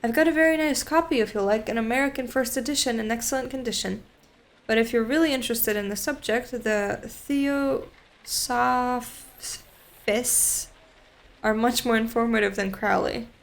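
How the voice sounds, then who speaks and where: A woman's voice: on the high side, moderate pace, vocal fry. A woman voicing a fussy, talkative old male bookseller while reading a visual novel aloud, her manner chatty and a little salesy. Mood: eager.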